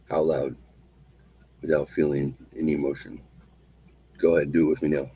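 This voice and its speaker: A man hosting a solo show, calmly leading a repeated mantra and chatting casually. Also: a bass voice, husky, poor audio. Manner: calm, slow, repetitive chanting of phrases. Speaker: host.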